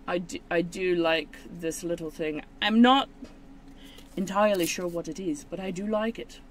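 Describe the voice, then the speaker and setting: A woman chatting casually as she opens trading cards on camera, rambling and mocking herself, with sudden high excited squeals. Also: normal speed, a little hiss or hum. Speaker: channel host. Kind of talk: casual card-opening video.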